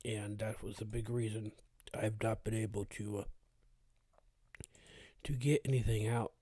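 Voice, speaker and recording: A man hosts a relaxed live stream, chatting with viewers and filling pauses with "uh". His voice is warm and low-toned, a little rough as it recovers. The sound is dry and close to the mic. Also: no room sound. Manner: relaxed, greets chat viewers by name, frequent uh fillers. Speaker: horror story channel host. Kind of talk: casual live stream chat.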